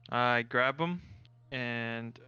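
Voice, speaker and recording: A man's voice: mid-range voice, extremely slow, pushed and bright, clear, resonant tone, dry recording, muffled recording. Hesitant man playing a tabletop game. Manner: hesitant, trailing off. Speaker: player. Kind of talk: casual tabletop game chat.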